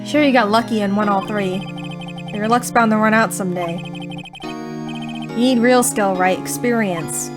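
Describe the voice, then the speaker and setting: A woman's voice: medium pitch, a little slow, long pauses, natural voice. A woman voicing a cold, proud young male prosecutor who speaks in an aloof, clipped, scornful way, with game music behind.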